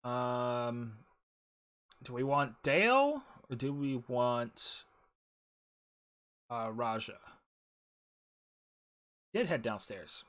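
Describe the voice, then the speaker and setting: A man giving casual gameplay commentary with mumbled, unhurried asides. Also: medium pitch, animated, a bit bright. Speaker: let's play streamer.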